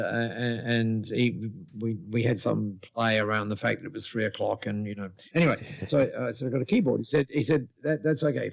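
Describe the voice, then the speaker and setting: Gravelly older man telling a story. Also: medium pitch, dull audio. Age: 70s. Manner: animated storyteller, lively quoting of others, many restarts. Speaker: guest. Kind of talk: storytelling in a podcast interview.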